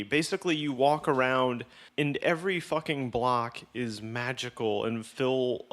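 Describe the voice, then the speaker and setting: A man's voice: mid-range voice, fairly bright tone, smooth. A man hosting a podcast in casual chat, rambling and wry with a lot of swearing. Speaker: podcast host.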